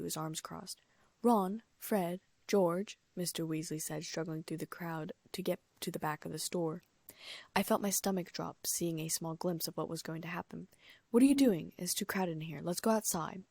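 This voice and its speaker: A woman reading a first-person audiobook story in a steady way, with the odd slip and restart. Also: lowish voice, gravelly, dry recording. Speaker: audiobook narrator.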